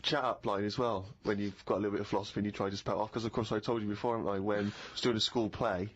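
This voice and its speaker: A man's voice: lowish voice, fairly even intonation, rapid-fire, slight background noise. A man co-hosting a radio comedy show, telling self-mocking stories in an articulate, wry, conversational way. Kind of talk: conversational storytelling. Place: radio studio. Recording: dull lo-fi radio recording.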